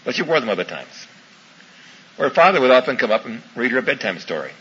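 Lively, bright-voiced male preacher. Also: mid-range voice, fast, breathy edge, highs cut off. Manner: folksy storytelling, warm asides, chuckles. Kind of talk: sermon with folksy anecdotes.

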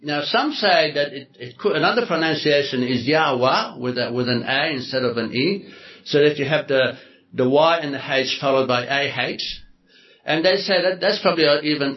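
A man preaching a sermon to a congregation, explaining slowly and deliberately and repeating words as he goes. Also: medium pitch, slight background noise. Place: hall with a congregation. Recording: echoey hall, dull lo-fi sound.

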